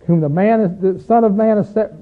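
Guy with a high voice doing bible study, keeps quizzing the room, sounds like an old phone line. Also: brisk. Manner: emphatic, questions the group, rises when stressing points. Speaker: Bible teacher. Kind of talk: interactive Bible study teaching. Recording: tinny phone-like recording.

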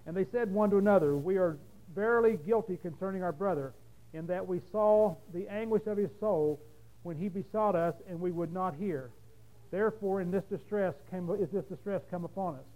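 A man's voice: sits high, normal speed, warm tone, poor audio. A man preaching, reading a long scripture passage aloud steadily and then explaining it in plain talk.

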